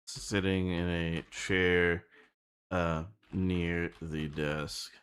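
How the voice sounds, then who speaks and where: A man with a lowish voice talks slowly and loosely, working out a scene out loud. He restarts his sentences and swears casually as he goes. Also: level tone, smooth. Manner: rambling, halting, profane. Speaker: streamer writing an animation script. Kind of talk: casual thinking aloud.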